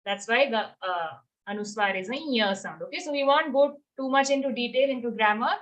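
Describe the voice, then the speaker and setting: A woman teaching the chanting of Sanskrit verses in an online lesson. She chants each line slowly, then explains the pronunciation rules quickly and patiently. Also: a little high, a bit bright.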